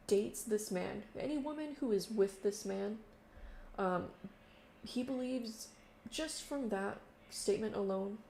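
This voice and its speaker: Young woman rambling through a storytime, lots of ums and likes, creaky voice. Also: medium pitch, dark tone. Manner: chatty, lots of fillers and quoted voices. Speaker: vlogger. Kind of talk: casual storytime chat. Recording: echoey room with faint noise.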